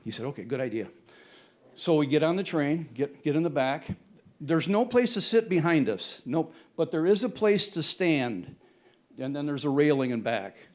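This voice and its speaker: A man's voice: on the high side, animated, normal speed. An older man telling a true story on stage in a rambling, self-correcting way, often chuckling as he goes. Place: stage at a brewery before an audience.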